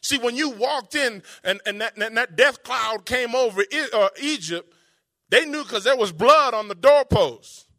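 A man preaching a sermon in an emphatic, conversational way, slowing down for quoted scripture and pausing for effect. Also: very high voice, animated, bright, forceful tone.

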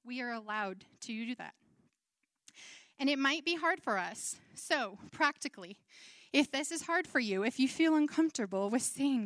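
A woman's voice: high voice, lively intonation, moderate pace, a bit bright, no room sound, clean studio sound. A woman preaching a sermon in an earnest, conversational way, acting out quoted feelings.

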